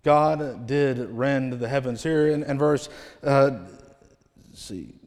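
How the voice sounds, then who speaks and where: A man preaching a revival sermon in a church, rising to loud proclamations and falling to near-quiet phrase endings. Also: mid-range voice, fairly even intonation, takes it slowly. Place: church sanctuary. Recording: long hall reverb.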